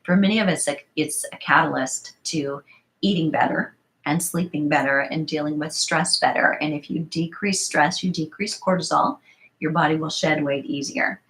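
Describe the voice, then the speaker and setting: A middle-aged woman coach talks through viewer questions in a lowish voice, still a little rough with morning voice. She is emphatic and chatty, firing off rhetorical questions and quick asides. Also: a bit bright. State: morning voice, clearing throat. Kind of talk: live Q and A talk.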